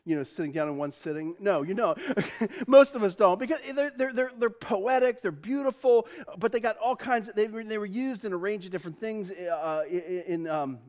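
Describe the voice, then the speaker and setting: A man's voice: sits high, moderate pace, darkish tone. A middle-aged man preaching a conversational sermon in a church, chatty and joking, often breaking into laughter. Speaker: pastor.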